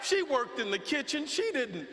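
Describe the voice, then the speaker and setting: A man giving an impassioned political speech at a forum, in a preaching cadence that builds to shouts. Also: very high voice, very animated, moderate pace, crowd noise. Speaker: speaker at a Saturday forum. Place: large hall with a choir. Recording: long hall reverb from the PA.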